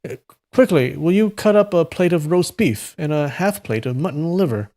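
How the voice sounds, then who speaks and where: A man's voice: on the high side, expressive, moderate pace, voice pushed up. A man voicing a kind, earnest young hero in a live reading of a martial arts novel. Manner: earnest, gentle.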